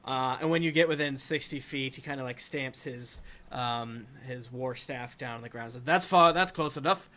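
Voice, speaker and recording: A man's voice: medium pitch, level tone, normal speed, few pauses, a bit bright. A man narrating a tabletop game as dungeon master, rambling and filling gaps with ums and uhs. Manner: rambling, full of fillers.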